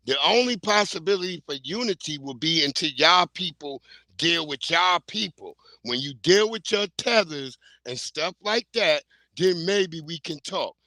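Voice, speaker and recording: A man's voice: fairly high pitch, animated, a little slow, pushed and bright, no room sound. A middle-aged man, hosting a livestream in a blunt, heated, profane rant. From New York. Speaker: livestream host. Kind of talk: casual ranting commentary.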